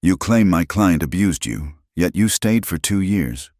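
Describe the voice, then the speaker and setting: A man's voice: sits low, animated, unhurried, darkish tone, dry recording, clean studio sound, exaggerated voice. A man playing a cold, sneering defense lawyer cross-examining a witness.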